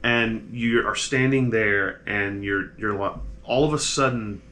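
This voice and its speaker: A man narrating a tabletop game as game master, halting and restarting his sentences. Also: fairly low pitch, bright, forceful tone, slight background noise. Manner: halting, full of restarts and fillers.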